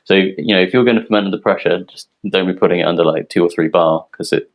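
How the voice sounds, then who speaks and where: A man from a yeast company presenting technical details in a relaxed, explanatory way, with frequent ums. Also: low voice, quick pace, muffled recording. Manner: explanatory, filler-heavy, relaxed.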